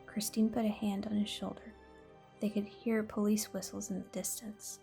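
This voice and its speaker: A mother reads a bedtime story aloud at home in an expressive, playful voice of middling pitch. Faint music plays underneath throughout. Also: normal speed, creaky. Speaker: parent reading to her child.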